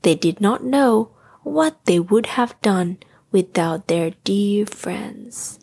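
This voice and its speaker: A woman tells a bedtime story at a very slow, soothing pace, her voice soft and often whispered. The tone is husky and gravelly. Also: medium pitch.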